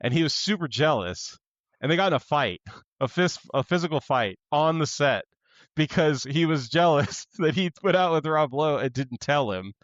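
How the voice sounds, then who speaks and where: A man's voice: on the high side, normal speed, no room sound, highs cut off. A man co-hosting a podcast, telling stories in casual chat and acting out quotes along the way. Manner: animated storytelling, acts out quotes. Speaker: podcast co-host.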